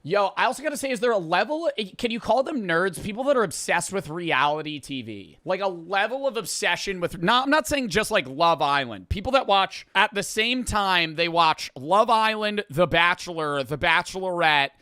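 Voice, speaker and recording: A man co-hosting a podcast, animated and swearing freely in casual chat. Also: high voice, moderate pace, hardly any pauses, no room sound, studio quality.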